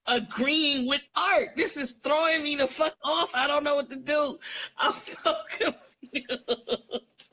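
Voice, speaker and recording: A woman's voice: high-pitched, pushed and bright, low-quality recording. A woman hosting a casual political chat show, teasing her co-host and reading out viewer comments.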